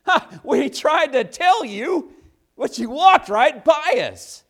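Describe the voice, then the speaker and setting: A man voicing mocking warning signs in a high, taunting voice during a sermon. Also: big pitch swings, slow, fairly bright tone, full character voice. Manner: shrill, taunting. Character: mocking talking warning signs, shrill and gloating.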